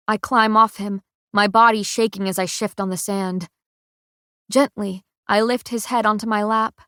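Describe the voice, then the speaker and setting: A woman narrating a first-person audiobook in a measured, emotional way. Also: medium pitch, steady tone, fairly bright tone, clear, resonant tone, no echo, studio quality.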